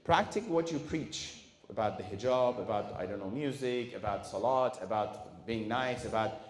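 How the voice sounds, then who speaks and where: A man's voice: medium pitch, normal speed. Guy giving a parenting talk at a community center, keeps asking the crowd questions, acts out the parents and kids, roomy echo. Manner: lively, asks the audience questions, acts out parents and children. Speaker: lecturer at a community centre. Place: community centre hall. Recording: echoey hall.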